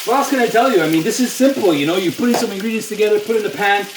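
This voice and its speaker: Cooking at home, a man with a high, racing voice chats to his viewers as a vlogger, filling his casual talk with "you know." He's far from the mic, so the kitchen sounds roomy and food sizzles loudly in a pan behind him.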